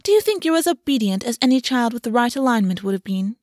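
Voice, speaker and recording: A woman's voice: on the high side, animated, fast, darkish tone, no room sound, clean studio sound, pitched above the performer's own voice, lightly acted. A woman voicing a cruel, manipulative fae queen mother in a silky, sweetly menacing way.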